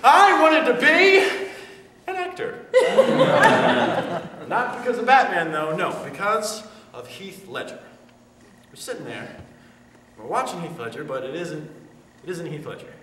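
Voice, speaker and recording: Animated young man in a one-man show. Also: high voice, unhurried, pauses often. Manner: animated, self-deprecating, excitable. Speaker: solo stage performer. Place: university theater stage. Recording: echoey hall, distant mic, noise.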